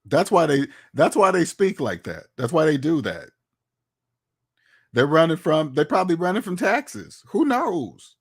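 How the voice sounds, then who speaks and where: A man with a slightly higher-than-usual pitch delivers casual, opinionated commentary about money. He talks bluntly, in a lecturing way, and keeps throwing rhetorical questions at his audience. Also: very animated, moderate pace, slightly rough. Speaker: finance commentator. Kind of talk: casual opinionated talk to camera.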